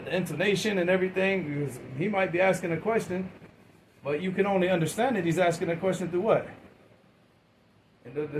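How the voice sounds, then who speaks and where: A man teaching a class, his voice a little higher than most men's. He keeps asking his students questions and waiting for their answers, and he talks informally, repeating and restarting words. Faint room noise hums behind him. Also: a little mellow, rough recording.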